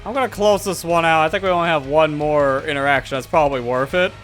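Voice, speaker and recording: A man's voice: a little high, quick pace, fairly bright tone. A man streaming a video game live, joking and laughing often as he comments. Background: game music.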